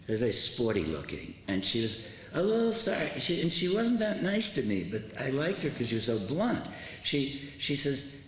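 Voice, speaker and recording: A man's voice: mid-range voice, huge pitch swings, normal speed. A man in his seventies, an author and former teacher, giving a public lecture and telling stories in an impassioned way. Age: 70s. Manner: impassioned, tells stories with quoted dialogue. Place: large lecture hall with an audience. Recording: echoey hall, faint background noise.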